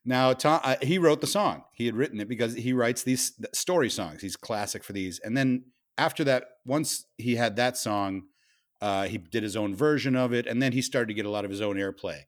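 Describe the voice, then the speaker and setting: A man co-hosting a casual podcast chat, telling stories with animated bursts and frequent laughs. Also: medium pitch, fairly quick. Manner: storytelling, animated, laughs often. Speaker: podcast co-host.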